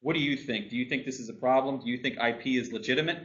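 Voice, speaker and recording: A man hosts a loose panel chat, his questions winding and full of restarts. His voice is bright and forceful. The audio is dull and lo-fi. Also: mid-range voice, quick pace. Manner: rambling, self-interrupting questions. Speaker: host. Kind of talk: casual panel discussion.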